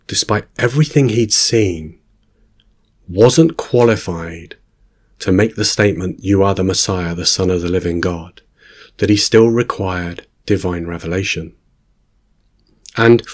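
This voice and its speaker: A man's voice: on the low side, husky. A man giving a reflective Bible teaching, earnest and thoughtful, often quoting scripture. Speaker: Christian teacher.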